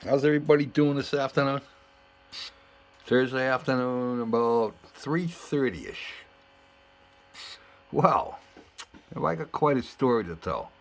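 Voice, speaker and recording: A middle-aged man hosting a model building vlog, telling a story in a chatty, excitable way with lots of fillers and restarts. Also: medium pitch, measured pace, gravelly, long pauses. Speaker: model building channel host.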